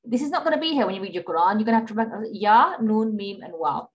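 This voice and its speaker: A woman's voice: mid-range voice, lively intonation. Patient woman teaching Qur'an reading. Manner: patient, repeats and checks with "okay?"; models Arabic sounds slowly, drawn out. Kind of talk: online class lesson.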